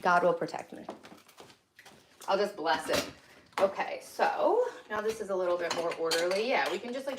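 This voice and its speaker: Upbeat woman host chatting with her chat while tidying a kitchen, mid pitch, light dish noise behind. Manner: bubbly, enthusiastic, reads chat aloud. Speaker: livestream host. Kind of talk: casual livestream chat. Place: home kitchen.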